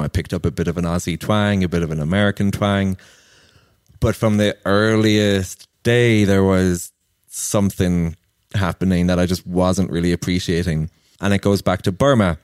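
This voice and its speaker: Deep-voiced man from Ireland, reflective. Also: smooth, no echo, studio quality. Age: 30s. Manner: earnest, personal, anecdotal. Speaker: interview guest. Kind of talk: reflective storytelling in conversation.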